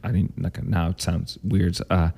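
Flat, low-voiced man. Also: measured pace, creaky, breathy edge. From Canada. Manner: candid, emphatic storytelling with many fillers and repeats. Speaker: vlogger. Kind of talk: personal storytelling monologue.

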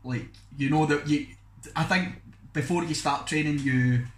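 A man's voice: on the high side, a little slow. A young Scottish man, co-hosting a podcast, chatting casually and mocking himself. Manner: chatty, self-mocking, lots of "aye". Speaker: podcast co-host. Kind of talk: casual chat. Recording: echoey room with faint noise.

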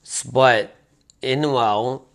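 A man co-hosting a casual sports talk show, talking in a relaxed, rambling way with frequent restarts. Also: medium pitch, very slow, vocal fry. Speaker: podcast co-host.

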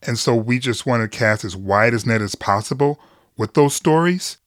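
A middle-aged man tells personal stories in a frank, earnest way, laughing easily and swearing casually. His voice sits at an ordinary pitch. The recording is dry and close, with no room echo. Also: expressive, moderate pace. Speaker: guest, journalist and podcaster. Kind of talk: candid conversational storytelling.

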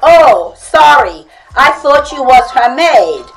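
A woman's voice: sits high, sing-song, slow pace, soft background music, pitched above the performer's own voice, heavily acted, low-quality recording. A woman voicing a nosy middle-aged German immigrant neighbor with a German accent, prying and presumptuous. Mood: flustered.

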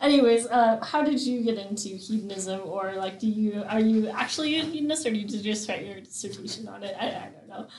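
A woman's voice: mid-range voice, fairly quick, hardly any pauses, a little mellow, roomy sound, poor audio. A woman co-hosting a podcast, asking questions casually, with frequent laughs and fillers like "like". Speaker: podcast co-host. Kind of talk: casual interview chat.

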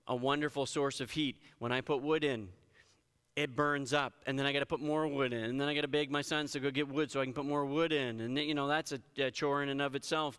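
A man's voice: medium pitch, a bit bright, clean tone. A man, a pastor, giving a conversational sermon and reading scripture with emphasis. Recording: reverberant hall.

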